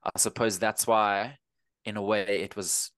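Guest: 30s South African man, low voice, dry close sound, relaxed and rambling. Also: unhurried, dry recording. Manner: easygoing, rambling with frequent restarts. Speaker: running coach, guest. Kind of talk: casual interview chat.

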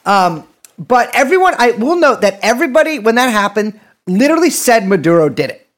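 A man's voice: extremely high pitch, brisk. A man co-hosting a podcast, bantering wryly and profanely in casual political talk. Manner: wry, profane, lively banter with restarts. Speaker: podcast co-host.

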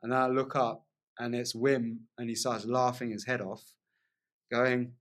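A man telling a long personal story as a podcast guest, in a lively casual way, often asking "right?" along the way. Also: medium pitch, moderate pace. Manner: animated storyteller, frequent "like" and "right?" tags.

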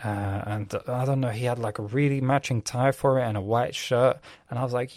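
A man's voice: medium pitch, steady tone, a little fast, a little mellow, dry recording, studio quality. A young man talking casually on his own, rambling and correcting himself, swearing often. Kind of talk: casual monologue.

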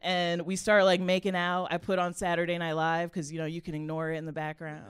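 Smooth-voiced woman comedian telling a story. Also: fairly low pitch, fairly quick. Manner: animated, chatty, often laughing, frequent "like" fillers.

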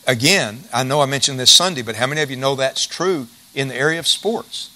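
A man's voice: mid-range voice, fairly quick, sharp tone. A middle-aged male pastor preaching a sermon in a folksy, emphatic way, repeating key phrases.

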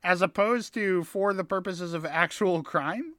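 A man's voice: high-pitched, unhurried, fairly bright tone, no echo, clean studio sound. A man telling a rambling story in casual chat with friends, swearing now and then. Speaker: podcast co-host telling a story.

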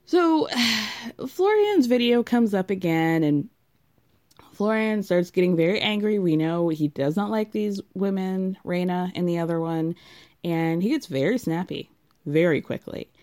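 A woman's voice: fairly low pitch, lively intonation, measured pace, darkish tone. A woman with a contralto voice giving a sarcastic, gossipy recap of a reality TV show in a casual way.

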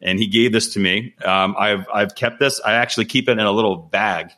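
A man's voice: lowish voice, fairly even intonation, brisk, sharp tone. A man hosting a casual podcast, asking guests leading questions in a friendly, conversational way. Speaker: podcast host. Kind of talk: casual interview chat.

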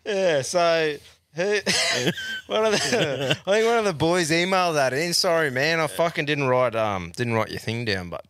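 Sweary Australian podcast host. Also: male voice, fairly high pitch, wildly swooping pitch, unhurried, fairly bright tone. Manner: sweary, laughs a lot. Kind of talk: casual chat.

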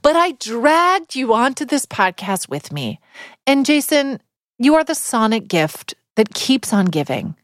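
A woman's voice: fairly high pitch, very animated, unhurried, no echo, studio quality. A woman hosting a podcast in a playful, gushing, exclamatory way. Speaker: podcast host. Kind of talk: casual chat.

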